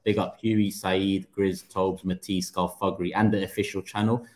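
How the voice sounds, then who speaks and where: A man with a London accent hosting a football podcast, brisk as he keeps the show moving and reads promos. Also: deep voice, level tone, a little mellow. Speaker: podcast host.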